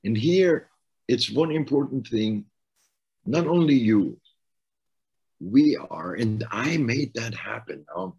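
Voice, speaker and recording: A man's voice: medium pitch, animated, unhurried, vocal fry, a little mellow, husky, poor audio. A middle-aged man with a German accent, a coach talking casually and stressing his points by repeating them. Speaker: life coach, co-host. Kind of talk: casual conversational coaching talk.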